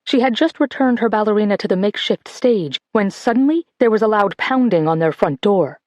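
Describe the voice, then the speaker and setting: Reading an audiobook in a measured and expressive way, a woman speaks in a mid-range voice on a dry recording.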